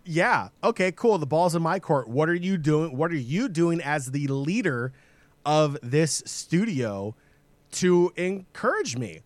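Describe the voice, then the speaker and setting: Teasing higher-voiced man with a dry sound. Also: lively intonation, unhurried, dry recording. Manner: playful, teasing, reads chat aloud. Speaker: stream co-host. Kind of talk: casual live stream chat.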